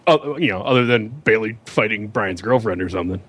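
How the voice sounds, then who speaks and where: A man's voice: fairly low pitch, expressive, a little fast, a bit bright, breathy edge. A man telling a profane, rambling story to his friends, stumbling over repeated words. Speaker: podcast regular. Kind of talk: casual storytelling among friends.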